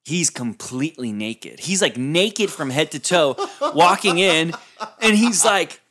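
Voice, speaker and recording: A man spinning a crude anecdote in casual conversation. His voice sits on the high side and leaps around with excitement, peppered with swearing and gleeful emphasis. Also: a little slow. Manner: animated, profane, gleeful storyteller. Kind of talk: casual storytelling chat.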